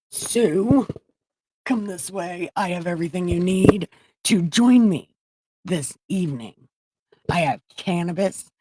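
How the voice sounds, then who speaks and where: A woman's voice: mid-range voice, darkish tone, slightly rough. A woman hosting a livestream, retelling Bible stories casually in a profane, rambling, jokey way from a room at home. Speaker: livestream host.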